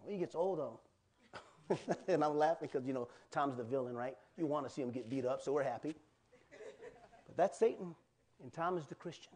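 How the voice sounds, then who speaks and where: Animated man preaching a sermon. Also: a little high, fairly quick, long pauses. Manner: animated, colloquial preaching with asides to the congregation. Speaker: pastor.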